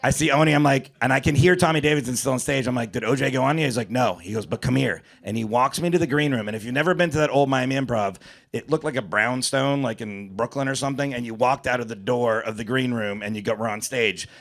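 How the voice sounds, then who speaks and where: Gravelly-voiced man telling a profane story. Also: medium pitch, fast talker. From South Florida. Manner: animated storytelling, profane, acts out quotes. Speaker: comedian podcast host. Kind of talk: live comedy podcast storytelling. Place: comedy club stage before a live audience.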